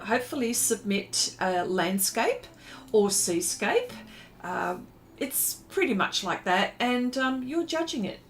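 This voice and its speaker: A woman's voice: medium pitch, a little hiss or hum. A woman hosting a casual art livestream, chatting in a rambling way with many fillers and greeting viewers by name.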